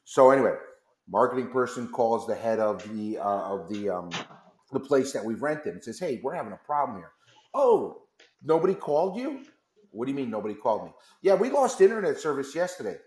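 A man's voice: mid-range voice, expressive, fairly quick, a little mellow, echoey room. A man telling a long story as a guest on a radio interview, acting out the back-and-forth of phone calls. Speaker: company founder as guest. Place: radio studio.

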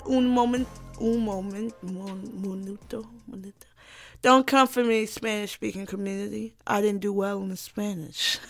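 A young woman hosting a solo podcast, telling a story in a blunt, profane, emphatic way. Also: medium pitch. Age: young adult. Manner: animated storytelling. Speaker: podcast host. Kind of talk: casual solo podcast monologue.

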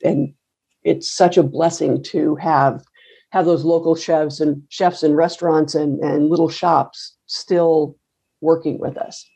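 Low, gravelly woman telling a wry story. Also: fairly even intonation, takes it slowly, warm tone. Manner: rambling, wry, many fillers and restarts. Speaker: coffee roaster and business owner. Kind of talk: casual interview storytelling.

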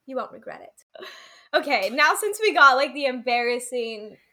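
A woman's voice: high-pitched, expressive, moderate pace, pushed and bright. A young woman co-hosting a podcast, telling stories in casual chat, giggly and full of "like"s. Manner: giggly storytelling, many "like"s. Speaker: podcast co-host.

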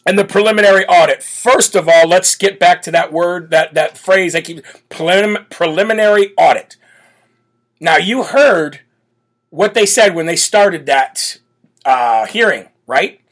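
A man hosting a political talk show, talking in a brash, blunt and forceful way, often repeating himself for emphasis. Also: fairly high pitch, takes it slowly. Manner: repetitive, emphatic restarts. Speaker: host.

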